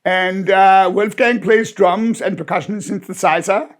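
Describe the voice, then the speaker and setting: A man voicing a serious, literal-minded German musician with a German accent, formal and deadpan. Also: high voice, a little slow.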